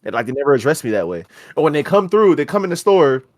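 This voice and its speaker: A man's voice: a little high, big pitch swings, quick pace, darkish tone, no room sound. Laid-back young man, dry close sound. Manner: laid-back, profane, acts out customers in quotes. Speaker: podcast co-host. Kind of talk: casual chat.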